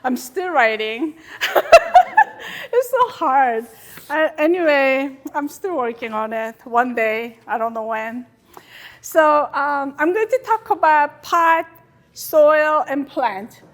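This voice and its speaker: A high-voiced Korean woman lectures a club audience in a chatty, animated way. Her English has a Korean accent and loose, non-native grammar. She sounds warm and talkative while she walks through her slides. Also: slow pace. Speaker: guest lecturer.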